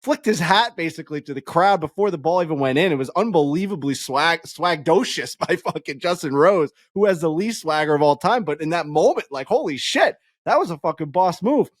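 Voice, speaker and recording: A man co-hosting a golf podcast, excitable and jokey, swearing as he talks. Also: a little high, a little fast, few pauses, no echo, studio quality. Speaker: podcast co-host. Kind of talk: casual sports chat.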